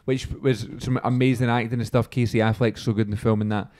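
A man's voice: medium pitch, flat delivery, darkish tone. A man hosting a casual podcast, upbeat and leading the talk. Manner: quick, upbeat, leads the talk. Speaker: podcast host. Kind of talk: casual chat.

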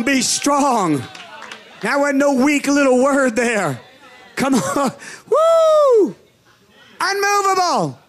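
A man preaching a charismatic sermon as pastor, fervent, with shouted declarations and drawn-out emphasis. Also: very high voice, a little hiss or hum. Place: church sanctuary.

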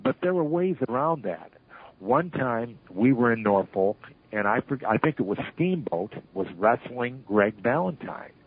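An older man, a retired wrestling referee, telling animated stories in an interview and acting out the lines he quotes. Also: medium pitch, a little slow, breathy edge. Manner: animated storyteller who acts out shouted quotes. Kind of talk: storytelling interview. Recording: tinny phone line.

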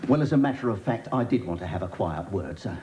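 A man's voice: on the low side, expressive, quick pace, muffled recording, lightly acted. Man playing a prissy, fawning office manager. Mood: fussy. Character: fussy snobbish male office manager Paul. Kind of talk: 1980s studio sitcom acting. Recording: roomy studio with loud hiss.

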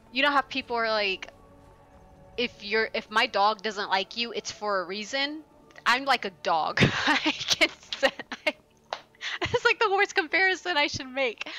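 Bright-voiced rambling woman streamer. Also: medium pitch, rough recording. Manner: rambling, profane, laughs often. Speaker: game streamer. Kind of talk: casual chat while playing a game.

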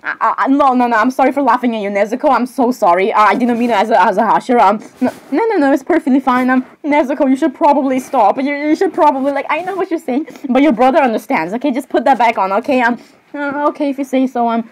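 A woman's voice: high voice, fast talker, rough recording. A woman performing an improvised comedy skit alone, switching between characters with a hesitant, apologetic, giggly delivery. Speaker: solo skit performer voicing many characters.

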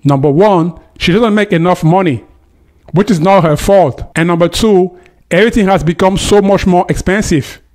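A man's voice: high voice, normal speed, a little mellow. A man hosting a commentary video, talking straight to the viewer with emphasis. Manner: emphatic, addresses viewer directly. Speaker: host. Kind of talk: commentary monologue.

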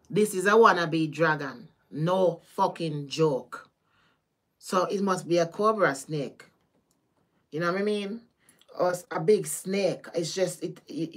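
A woman with a Caribbean patois accent, a tarot reader chatting casually with her live-stream viewers, animated, laughing and swearing freely. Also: sits low, husky. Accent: Caribbean, Jamaican-style patois.

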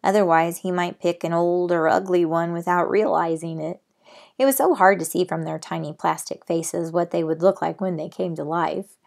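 A middle-aged woman with a lowish, gravelly voice reads a children's novel aloud at normal speed and fairly even intonation. Her reading is gentle and plain, and she turns chatty afterward, discussing the chapter.

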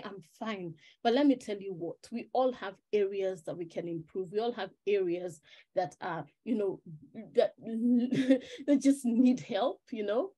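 A woman life-purpose coach giving an animated webinar talk, often asking "right?" and reading out viewers' names and chat replies. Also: mid-range voice. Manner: animated, testimonial, keeps checking in with "right?".

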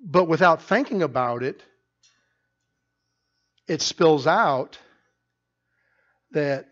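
Middle-aged male pastor, loud emphatic sermon, slightly high voice, muffled lo-fi church recording. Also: unhurried, pauses often. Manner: loud, emphatic preaching with frequent restarts. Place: church sanctuary.

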